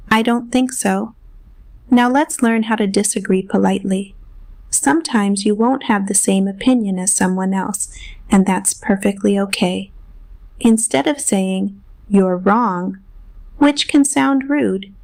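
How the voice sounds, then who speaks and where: Slow, gravelly-voiced woman teaching English. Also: medium pitch, darkish tone, dry recording. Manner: patient, explains simply, models example phrases. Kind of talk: scripted English lesson narration.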